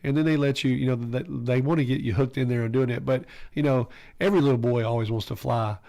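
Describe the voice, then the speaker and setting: Man, radio guest, rambling and halting, gravelly fry. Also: mid-range voice, fairly even intonation, mellow. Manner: halting, rambling, lots of fillers. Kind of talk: casual radio chat.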